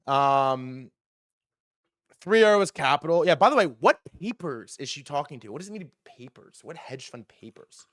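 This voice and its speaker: Young male stream host, casual profane storyteller, lively pitch, dry close mic. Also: moderate pace, no room sound. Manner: animated, profane, switching voices for quoted people. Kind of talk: casual storytelling with acted quotes.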